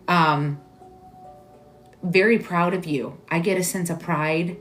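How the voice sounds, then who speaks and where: A woman hosting a live stream as a psychic medium, giving readings in a halting, searching way full of "like"s and growing emotional. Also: fairly low pitch, fairly even intonation, fairly bright tone, soft background music. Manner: halting, searching delivery with many "like"s; emotional, tearful at moments.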